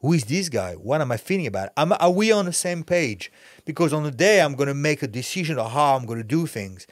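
A man's voice: a little high, expressive, a little fast, no room sound, clean studio sound. A middle-aged man, an actor and former fighter, talking candidly as a podcast guest in a blunt, intense way and swearing freely. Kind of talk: candid podcast interview talk.

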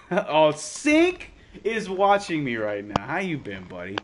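A man hosting a gaming channel, chatting casually with friends mid-match and swearing loudly at the enemy team. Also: fairly high pitch, slow pace, background noise. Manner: excitable, heavily profane trash talk.

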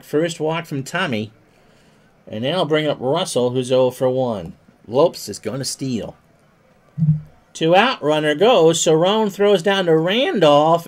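A man calls a simulated baseball game alone in a fairly high, stuffy voice. He gets loud on hits and homers and drops low and quick for his asides. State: stuffy from sneezing. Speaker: play-by-play commentator of a simulated game. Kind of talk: solo play-by-play commentary.

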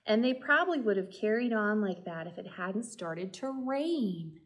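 A woman, a children's librarian, reading a picture book aloud and asking the children gentle questions. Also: mid-range voice, lively intonation, normal speed. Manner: gentle, talks directly to children. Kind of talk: storytime read-aloud.

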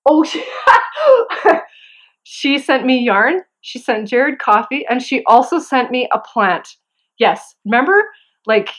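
A young adult woman with a voice on the higher side chats to camera during her home knitting podcast. Her tone is casual, full of giggles and excited little asides.

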